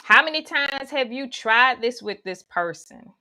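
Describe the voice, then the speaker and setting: A woman's voice: a little high, expressive, a little slow, bright, forceful tone. A woman giving a spiritual teaching talk, guiding listeners through imagery with folksy asides.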